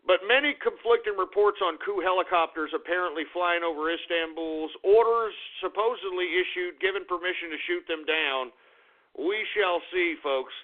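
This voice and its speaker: A man hosting a talk radio show, ranting in exasperation and swearing often, swinging between muttered groans and shouts. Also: sits high, normal speed. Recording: phone-like lo-fi radio recording.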